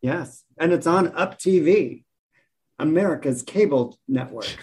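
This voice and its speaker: A man's voice: on the high side, expressive, measured pace, a little mellow, husky. A man co-hosting a casual chat, answering briefly and matter-of-factly. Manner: brief, matter-of-fact replies.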